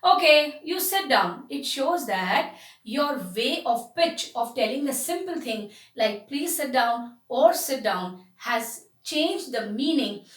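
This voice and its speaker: High-voiced woman teaching in an echoey room. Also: distant mic. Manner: explanatory, with frequent fillers and restarts. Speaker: communication skills teacher. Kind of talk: spoken lesson.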